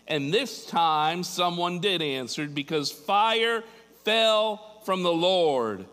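A man's voice: high-pitched, expressive, takes it slowly, a bit bright. A man preaching a sermon, telling a Bible story dramatically and building to emphatic peaks. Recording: long hall reverb.

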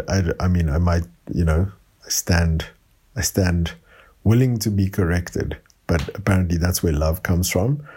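A man from South Africa recording a rambling late-night voice note for his podcast, speaking softly after drinking wine. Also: deep voice, husky. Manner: soft-spoken, rambling. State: tipsy from wine. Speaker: podcast host. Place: room at home.

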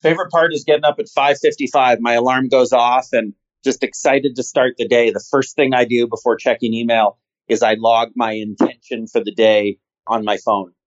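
A man being interviewed as a company founder, telling stories in an earnest, animated way. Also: medium pitch, moderate pace. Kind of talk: casual interview chat. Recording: slightly dull lo-fi sound.

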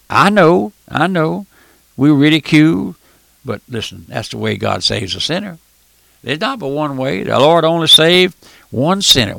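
Gravelly older preacher. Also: male voice, fairly high pitch, no room sound. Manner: impassioned, folksy, calls out "my friend", surges loud then drops soft. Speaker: radio preacher. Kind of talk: fervent radio sermon.

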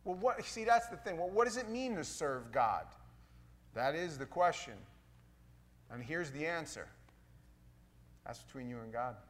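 A middle-aged man, a pastor, preaching a sermon in a folksy, playful way that swings from loud to hushed. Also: fairly high pitch, lively intonation, measured pace, pauses often.

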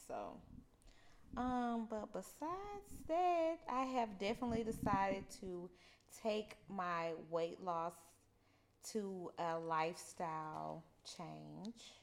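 A woman co-hosting a podcast, chatting in an unhurried way that trails off softly. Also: mid-range voice. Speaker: podcast co-host. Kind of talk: casual chat.

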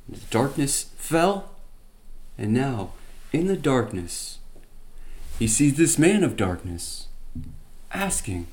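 A man's voice: mid-range voice, big pitch swings, slow, long pauses, a little mellow. A man teaching from the Bible by retelling it as a story, with conversational asides and emphatic quoted lines.

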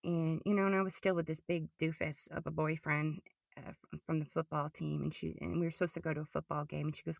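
Middle-aged woman, podcast guest, personal testimony, halting and repeating herself, gravelly low voice. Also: little pitch movement, dry recording, studio quality. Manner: halting, restarts and repeats words.

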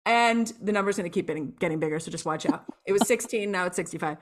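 A woman's voice: fairly low pitch, quick pace, a little hiss or hum. A woman coach, a guest on a podcast, chatting candidly and acting out past moments as she talks. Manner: lively and expressive, acts out her own past lines. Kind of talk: candid storytelling interview chat.

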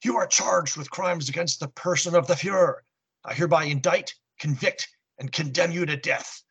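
A man putting on a pompous Nazi colonel from a comic recap, barking in a thick put-on German accent. He is vain and self-important, and his pitch jumps high as he rants. The voice has a slightly husky grain. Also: moderate pace, fairly bright tone. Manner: barking orders, later ranting wildly.

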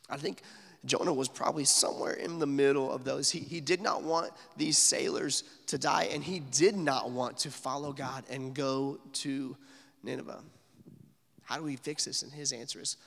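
A man's voice: mid-range voice, steady tone, a little fast, vocal fry, fairly bright tone, long reverb tail. A man preaching a sermon in a casual, conversational way, full of fillers, sometimes dropping almost to a whisper for emphasis. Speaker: pastor.

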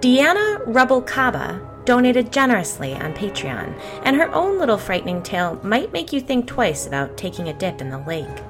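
A woman's voice: fairly high pitch, big pitch swings, normal speed, hardly any pauses, over music. A woman hosting a podcast and narrating a ghost story in a wry first-person voice, acting out the dialogue.

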